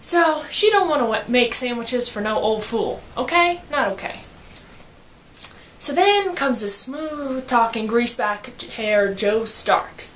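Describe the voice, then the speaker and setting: A woman's voice: fairly high pitch, expressive, takes it slowly, fairly bright tone, a little hiss or hum. Playful young woman reviewing a book. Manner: playful and slangy. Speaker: vlogger. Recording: echoey room.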